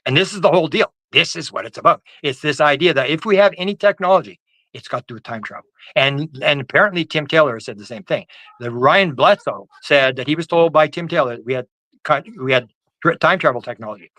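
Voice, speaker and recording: A man's voice: on the high side, fast talker, sharp tone, no room sound, low-quality recording. A man guest on an interview over a video call, telling a story animatedly, with frequent restarts and stammers and quoted lines acted out in a raised voice. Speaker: guest UFO researcher. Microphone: video call microphone.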